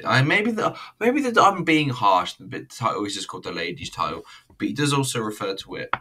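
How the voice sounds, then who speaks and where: A man's voice: low-pitched, pushed and bright, slight background noise. A man giving a casual, rambling, profane and self-mocking review of a wrestling show. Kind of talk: casual solo review commentary.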